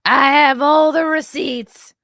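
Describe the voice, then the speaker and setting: Woman doing a loud accusing TV pundit lady. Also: high-pitched, fairly even intonation, slow pace, dry recording, clean studio sound, voice pushed up, heavily acted. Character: brash accusing female TV legal pundit.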